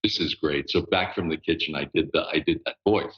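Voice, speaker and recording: A man in his sixties, a voice actor, telling stories in a relaxed interview with many fillers and laughs. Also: low voice, fast, hardly any pauses, lo-fi sound. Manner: animated, laughing storyteller with lots of fillers. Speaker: guest voice actor. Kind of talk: casual interview storytelling.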